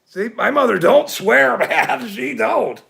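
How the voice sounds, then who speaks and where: A middle-aged man hosts a casual livestream in a slow, rambling rant, indignant and quick to laugh. His voice sits unusually high and sounds very gravelly, with a bright edge. His pitch swings widely as he goes. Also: very animated. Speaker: livestream host.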